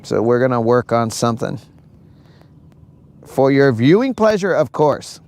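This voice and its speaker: A man's voice: mid-range voice, very animated, unhurried, a little mellow. A man hosting a live fishing stream from a boat outdoors, chatting casually and bantering jokingly with his viewers.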